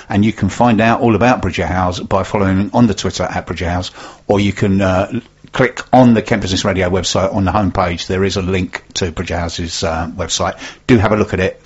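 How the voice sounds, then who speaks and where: A man hosting a local business radio show, in jokey, rambling, upbeat banter. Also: sits low. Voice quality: husky. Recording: dull lo-fi radio recording.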